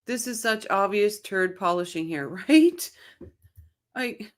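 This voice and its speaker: A woman's voice: mid-range voice, animated, takes it slowly. A woman from Ontario hosting a casual livestream, chatting with viewers by name and laughing often. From Canada, Ontario. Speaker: livestream host reading viewer chat.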